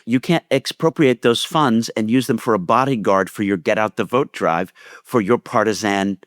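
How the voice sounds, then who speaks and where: Brief: male co-host, lowish voice, fired-up and emphatic, dry close recording. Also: normal speed, dry recording. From United States. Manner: passionate, emphatic, animated arguing. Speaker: podcast co-host. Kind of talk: podcast political discussion.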